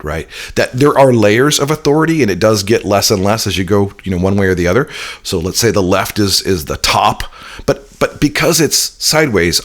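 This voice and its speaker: Male guest, lowish voice, conversational explainer who stumbles into sentences. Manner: energetic explainer, repeats words when starting sentences. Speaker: interview guest. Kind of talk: conversational business interview.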